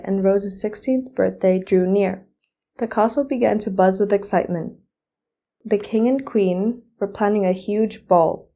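Mellow-voiced teenage girl reading a tale. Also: medium pitch. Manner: expressive read-aloud. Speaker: student reader. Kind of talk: storybook reading.

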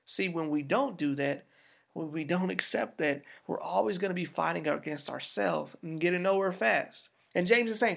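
A man's voice: high voice, normal speed, gravelly, a bit bright. A man preaching a sermon as pastor, talking to the congregation in a conversational, emphatic way.

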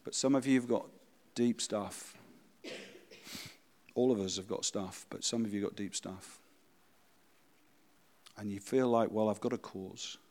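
A man preaching a sermon and leading a congregation in quiet prayer. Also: fairly low pitch, unhurried, pauses often, big-room sound. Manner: reads a story aloud, then speaks softly and prayerfully. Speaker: pastor.

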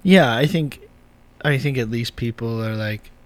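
Man, podcast co-host, casual chat, rambling, filler words, mid pitch. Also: unhurried.

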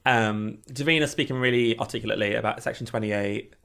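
A man's voice: on the low side, fast, vocal fry, a bit bright, clear, resonant tone. A man co-hosting a podcast, joking and teasing in casual chat. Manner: teasing, self-mocking banter. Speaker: podcast co-host.

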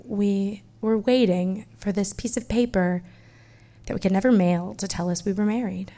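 A woman tells a true story from her own life with wry, self-mocking humor. Her mid-range voice swings between loud bursts and quiet, hushed stretches. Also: mid-range voice, fairly even intonation, moderate pace. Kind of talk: first-person personal storytelling.

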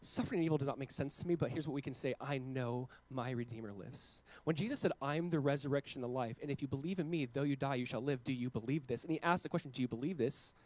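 Earnest pastor preaching, swinging loud to soft. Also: male voice, mid-range voice, poor audio. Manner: earnest, rising to loud emphatic peaks and dropping to quiet, slow lines. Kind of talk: sermon.

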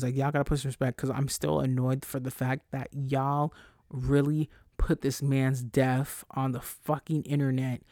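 A man hosting his own podcast alone, talking casually in a blunt, profane, animated way as he gives his listeners a pep talk. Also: medium pitch, no room sound, clean studio sound. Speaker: podcast host.

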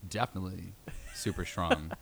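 A man's voice: sits low, steady tone, moderate pace, vocal fry, a bit bright, slight background noise. A young man as a podcast guest, laid-back with a dry sense of humor. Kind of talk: casual podcast chat.

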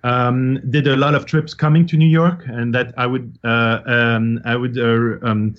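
A man's voice: medium pitch, steady tone, measured pace. Rambling man with a French accent. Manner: rambling, many fillers and restarts. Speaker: guest. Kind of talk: casual interview talk. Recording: slightly muffled audio.

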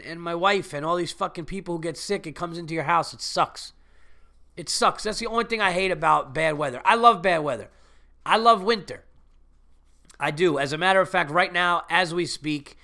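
A comedian with a cold hosts his own casual solo podcast, talking in a rambling, profane, chatty monologue. His voice is a little high, bright, and forceful.

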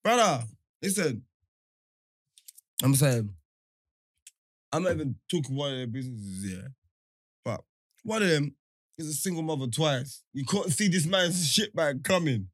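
A young man, telling a story in casual chat, animated and laughing often. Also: on the high side, unhurried, pauses often, no room sound.

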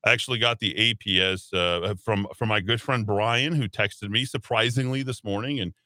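A man hosting a talk radio show, giving opinionated commentary in an animated, sarcastic, rambling way. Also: lowish voice, moderate pace, no room sound. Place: radio studio.

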